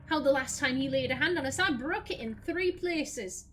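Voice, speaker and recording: A woman's voice: sits high, expressive, normal speed, slight background noise. A woman voicing a fierce female soul trapped in an elf's body, speaking bluntly and defiantly in a broad Lancashire accent.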